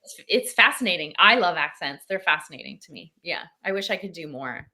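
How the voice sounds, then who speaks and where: A woman actress as a podcast guest, chatting in an animated way and laughing easily. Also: on the low side, brisk. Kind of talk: casual interview chat.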